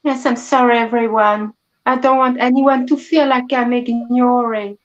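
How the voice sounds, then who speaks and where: A woman's voice: a little high, fairly even intonation, moderate pace, highs cut off. A woman from France with a French accent, a native French speaker chatting as a guest over her phone, polite and slightly formal. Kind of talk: casual chat over a phone call.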